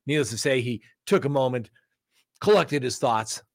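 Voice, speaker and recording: Middle-aged male lawyer host, lively storyteller who acts out the courtroom, mid-pitched voice, dry close recording. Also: normal speed, no echo. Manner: animated storytelling, acting out courtroom exchanges. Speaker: defense attorney. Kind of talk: casual chat answering viewer questions.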